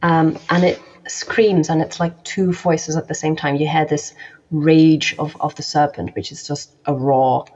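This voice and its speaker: A woman runs a tabletop game as game master, narrating with plenty of pauses and fillers. Her voice sits low and husky. The recording is dull and lo-fi. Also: fairly even intonation, a little mellow. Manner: hesitant, filler-heavy narration.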